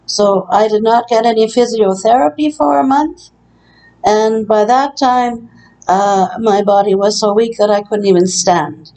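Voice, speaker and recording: Brief: bedbound woman recording a testimony in her care-home room, mellow tone, earnest and aggrieved, halting delivery. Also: medium pitch, poor audio. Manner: earnest, aggrieved, hesitant with frequent uh. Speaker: long-term care resident. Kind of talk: personal testimony vlog.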